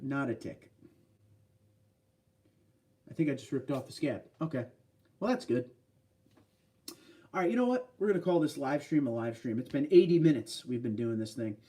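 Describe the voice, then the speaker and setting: A man's voice: mid-range voice, lively intonation, normal speed, pauses often, warm tone, recorded from a distance. A man hosting a casual livestream, chatting loosely and answering viewer comments. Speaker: livestream host. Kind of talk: casual live stream chat.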